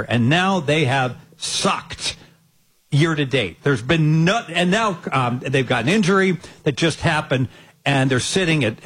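A man talking sports betting picks on a show, excitable and given to shouted catchphrases. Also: mid-range voice, slightly rough. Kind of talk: animated betting talk show banter.

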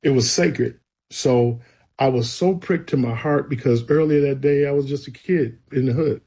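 Husky man telling his story. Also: medium pitch, moderate pace, warm tone. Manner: storytelling, earnest and emphatic. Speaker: guest. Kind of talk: personal testimony in conversation.

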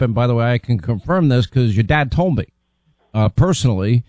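A man's voice: mid-range voice, expressive, a little fast, darkish tone, no room sound. A middle-aged man hosting a political interview, talking emphatically with frequent restarts. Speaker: talk show host.

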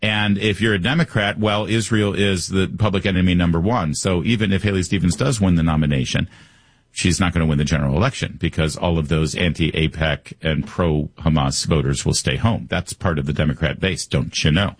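Husky low-voiced male talk host. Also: fairly even intonation, a little fast, no room sound. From Michigan. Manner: conversational, opinionated, with fillers. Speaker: radio talk show host. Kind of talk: political commentary and ad reads.

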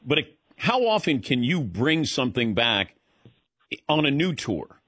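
A man interviewing a guest in a casual chat, playful and quick to laugh. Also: mid-range voice, very animated, a bit bright, husky, no room sound, clean studio sound.

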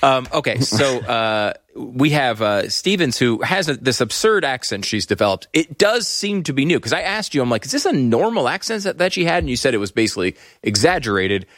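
A man's voice: mid-range voice, big pitch swings, fairly quick, few pauses, a bit bright, dry recording. A man hosting a casual political comedy podcast, sarcastic and laughing often. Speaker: podcast host.

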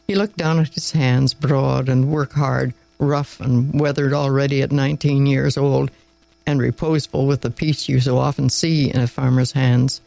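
A man hosting a story reading, narrating in a calm, measured way. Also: mid-range voice, creaky, dry recording, low-quality recording. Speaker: storyteller host.

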